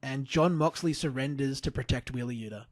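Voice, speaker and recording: A man talking through a wrestling recap in loose, rambling play-by-play, full of fillers and restarts. His voice sits at a middle pitch and sounds dry and close, with little room around it. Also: fairly quick, no room sound. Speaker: podcast co-host. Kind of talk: casual wrestling recap chat.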